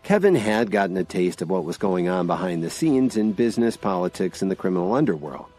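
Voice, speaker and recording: Brief: male audio-drama narrator, low and lively, soft music bed. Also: brisk. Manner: expressive storytelling.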